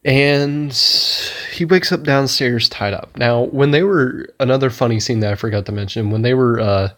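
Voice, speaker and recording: A man's voice: medium pitch, moderate pace. Rambling, profane male movie reviewer. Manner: rambling, profane, enthusiastic, laughs at his own retelling. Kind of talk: casual spoken movie review.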